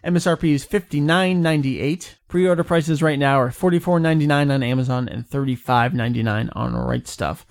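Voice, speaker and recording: A man co-hosting a casual fan podcast, relaxed and chatty with frequent fillers. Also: mid-range voice, fairly quick, creaky, hardly any pauses, no room sound, studio quality. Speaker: podcast co-host.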